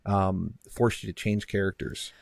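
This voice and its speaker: An American man hosting a podcast, chatting casually in a quick and lively way. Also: low-pitched, creaky, no echo, clean studio sound. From United States. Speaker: podcast host. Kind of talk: casual chat.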